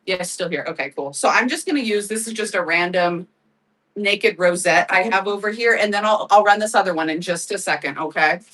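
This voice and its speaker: A woman's voice: mid-range voice, brisk, a bit bright, distant mic, rough recording. A woman hosting a live craft sale, chatting casually, laughing often and thanking viewers by name. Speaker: live-selling crafts host. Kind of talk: casual livestream chat.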